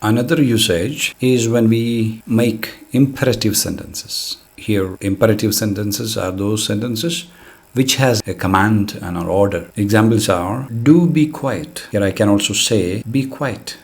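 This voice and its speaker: A man with a fairly low voice gives a recorded grammar lesson. He lays out each rule patiently and walks through example after example, in the even manner of a teacher. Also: measured pace. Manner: patient, explains step by step with examples.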